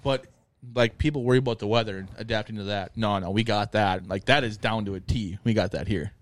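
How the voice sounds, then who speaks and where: Young Minnesotan podcast co-host, foul-mouthed and animated, dry close mic. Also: male voice, on the low side, a little fast, no echo. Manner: crude, swearing, animated ranting. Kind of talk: casual chat.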